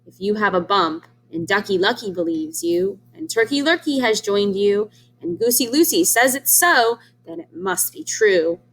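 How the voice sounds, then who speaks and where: A proud rooster from a children's storybook, put on by a woman, who asks his questions in a bright voice and then talks himself into agreeing. His pitch jumps up and down in a lively way. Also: moderate pace. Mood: convinced. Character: proud male rooster, easily convinced.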